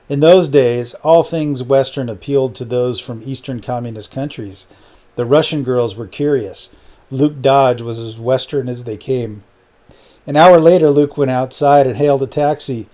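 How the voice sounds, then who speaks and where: A man narrating an audiobook novel in a steady, matter-of-fact way. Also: mid-range voice, normal speed. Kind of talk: scripted narration.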